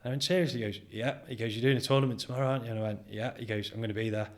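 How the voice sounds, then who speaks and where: A British man in his forties, a podcast guest and business founder, telling lively anecdotes in a casual interview, acting out quoted dialogue and laughing often. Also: on the low side, racing.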